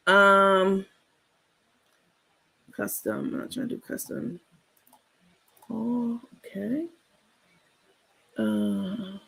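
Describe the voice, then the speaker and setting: Gravelly, husky woman on a livestream. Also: mid-range voice, a bit bright. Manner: blunt, sassy and profane, laughing often. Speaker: livestream host. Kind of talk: casual livestream commentary.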